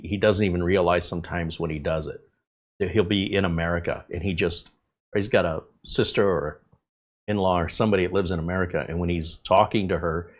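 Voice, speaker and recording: Deep-voiced man hosting a live tech stream. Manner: relaxed, chatty, many filler pauses. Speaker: tech channel host. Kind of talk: live stream chat, reading viewer greetings.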